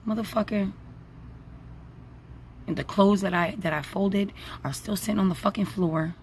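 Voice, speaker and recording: A woman's voice: medium pitch, normal speed, long pauses, a little hiss or hum. A woman in her forties venting to her camera, angry, tired and swearing freely. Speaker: vlogger.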